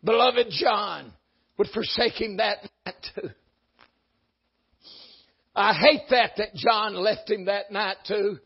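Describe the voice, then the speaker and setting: A man's voice: sits high, slow pace, long pauses, slightly rough, lo-fi sound. A man preaching a folksy sermon, rising and dropping in volume for emphasis. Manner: folksy, emphatic preaching with sudden rises and drops. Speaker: pastor.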